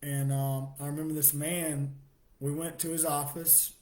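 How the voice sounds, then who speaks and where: Man, middle-aged, personal testimony, halting, restarts, soft laughs, higher voice. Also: little pitch movement.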